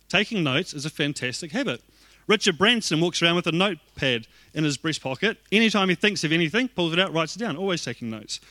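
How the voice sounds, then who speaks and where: Bright high-voiced man preaching. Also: no echo. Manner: lively, joking asides to the congregation. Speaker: pastor. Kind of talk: sermon.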